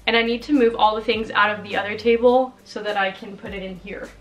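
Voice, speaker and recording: A woman's voice: medium pitch, fairly even intonation, fast talker, roomy sound, highs cut off, a little hiss or hum. A young woman chatting casually to her vlog viewers in an upbeat way, still a little out of breath after hauling heavy boxes. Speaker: vlogger, small sewing business owner. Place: home and outdoors, moving furniture.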